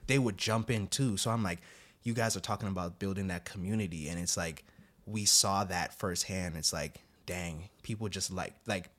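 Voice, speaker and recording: A young man hosting a podcast, telling long rambling stories and acting out quotes in sudden high voices. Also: normal speed, a bit bright. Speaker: podcast host. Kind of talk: casual podcast chat.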